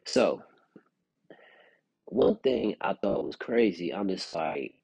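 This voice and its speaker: A man's voice: sits low, lively intonation, slow, gravelly, darkish tone, slightly rough, no room sound. A man hosting a podcast, talking casually in a rambling commentary with lots of fillers and restarts. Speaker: podcast host.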